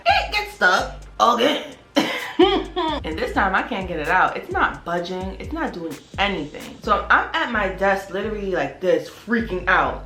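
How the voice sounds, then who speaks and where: A woman's voice: mid-range voice, pushed and bright. A young woman from Brooklyn tells a casual storytime, blunt and swearing freely. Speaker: vlogger. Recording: roomy sound with faint music.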